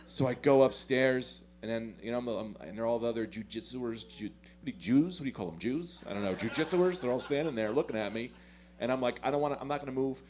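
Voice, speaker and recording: A man doing a stand-up comedy set, telling self-deprecating stories in an animated way with loud swings. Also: medium pitch, brisk, a little hiss or hum.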